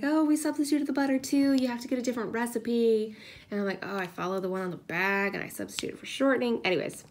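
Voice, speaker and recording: Woman, thirties, casual crafting chat, scattered storyteller, laughs at herself, sometimes hushed. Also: medium pitch, gravelly. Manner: chatty, scattered storytelling with self-deprecating laughs; drops to a hush at times, kids asleep nearby. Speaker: craft video host.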